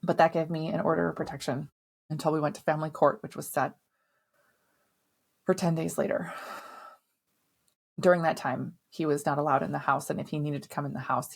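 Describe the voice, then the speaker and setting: A middle-aged woman with a low, husky voice and some vocal fry hosts a podcast. She tells a personal story candidly and with emphasis, swearing now and then.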